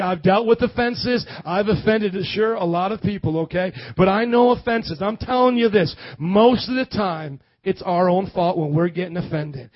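A man from the American Midwest preaching a sermon as pastor, animated and calling on the congregation to answer back. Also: high-pitched, dry recording, highs cut off. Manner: animated, calls for congregation responses.

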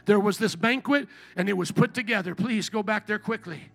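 A man preaching a sermon to a congregation, telling stories with joking asides, calling for responses and shouting at the peaks of praise. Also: sits high, brisk, gravelly, hardly any pauses, slightly rough, faint music behind. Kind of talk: sermon with storytelling. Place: church before a congregation.

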